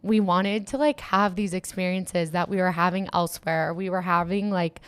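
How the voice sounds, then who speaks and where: A young woman talks in a casual interview, excitable and full of "like" fillers as she tells about her work. Her voice is smooth and clear. The sound is dry and close, with no room around it. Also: lowish voice, normal speed, no echo. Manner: chatty, lots of "like" fillers, excitable. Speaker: event organizer and DJ manager. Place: Miami.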